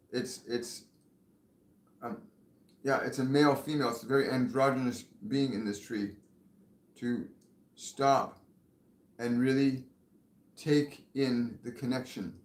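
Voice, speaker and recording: A man hosting a live spiritual question-and-answer stream, speaking gently with pauses and fillers and sometimes falling almost to a whisper. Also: medium pitch, echoey room. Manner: soft-spoken, gentle, pauses and fillers, drops to near whisper at times. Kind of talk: live-stream channeling and reading viewer questions.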